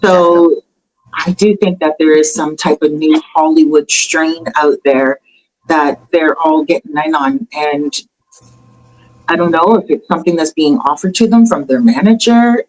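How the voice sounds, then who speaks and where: A woman hosting a casual celebrity gossip chat, talking in a chatty, animated way with fillers and laughter. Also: sits low, a little slow, low-quality recording. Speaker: host.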